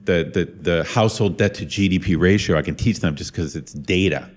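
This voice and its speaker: Deep-voiced man, halting podcast chat. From Ohio, USA. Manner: thoughtful, many restarts and stammered repeats. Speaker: podcast co-host and university lecturer.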